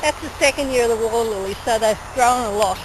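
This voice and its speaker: A woman's voice: fairly high pitch, fast talker, over a noisy crowd, poor audio. An Australian woman chatting casually outdoors in a garden, explaining things in a practical way. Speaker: host's friend. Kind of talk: casual chat. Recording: outdoor camcorder audio with clear background noise.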